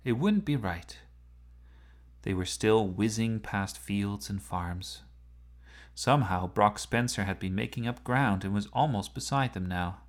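A man narrating a story aloud in a playful, lively storytelling manner. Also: lowish voice, measured pace.

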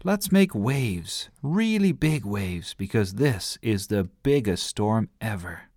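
A man voicing a bossy little girl who plays pirate captain, loud and sing-song. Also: on the low side, sing-song, slow pace, no echo, clean studio sound, exaggerated voice.

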